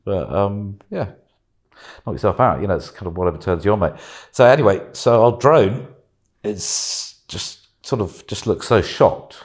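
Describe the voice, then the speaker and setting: A British man chatting casually, telling an animated anecdote and acting out voices. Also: on the low side, normal speed. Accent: British English. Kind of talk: casual storytelling chat.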